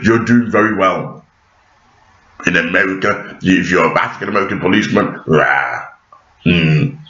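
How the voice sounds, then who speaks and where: A man giving an impassioned monologue to camera, emphatic, rising to shouts and then dropping low and pleading. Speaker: video commentator. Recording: echoey room, dull lo-fi sound.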